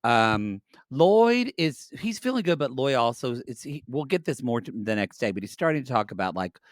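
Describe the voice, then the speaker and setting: A man's voice: medium pitch, big pitch swings, moderate pace, dry recording, studio quality. A man co-hosting a podcast, recapping a reality show in campy, joking banter that rambles and cuts itself off. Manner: rambling, self-interrupting. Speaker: podcast co-host. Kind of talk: casual recap chat.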